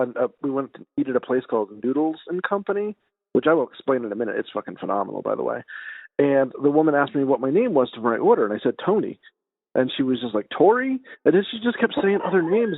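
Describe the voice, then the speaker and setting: A man's voice: mid-range voice, animated, rapid-fire, vocal fry, dry recording. A man co-hosting a casual podcast, mumbling a bit with a slightly nasal voice and swearing freely as he laughs at himself. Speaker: podcast co-host. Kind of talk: casual chat. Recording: tinny phone-like call audio.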